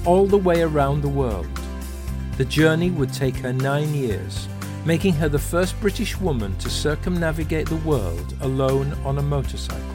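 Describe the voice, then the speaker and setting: A man narrating the scripted introduction of a podcast as host, measured and clear. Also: on the high side. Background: music.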